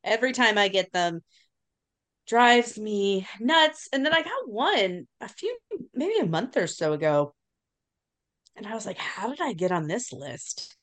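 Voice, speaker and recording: A woman's voice: mid-range voice, sing-song, unhurried, fairly bright tone. Blunt, sweary woman chatting. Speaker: podcast co-host. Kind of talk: casual chat.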